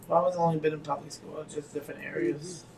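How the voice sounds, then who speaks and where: A woman from Florida in a casual book club chat with friends, animated, swearing freely and laughing often. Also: low-pitched, fast talker, gravelly, a crowd in the background.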